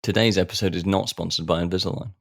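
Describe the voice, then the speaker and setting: A man's voice: low voice, steady tone, fast talker, vocal fry, no room sound, studio quality. A man co-hosting a podcast, joking and laughing his way through casual banter. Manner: jokey, self-mocking, laughs often. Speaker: podcast co-host.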